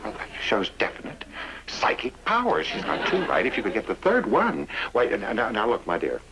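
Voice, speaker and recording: An actor in a 1960s sitcom playing a pompous, blustering naval commander. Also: male voice, lowish voice, huge pitch swings, normal speed. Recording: very noisy old TV soundtrack.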